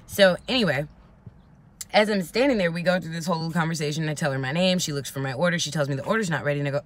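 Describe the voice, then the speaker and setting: A woman vlogger telling a casual story in a conversational, animated way, swearing freely. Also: deep voice, very fast.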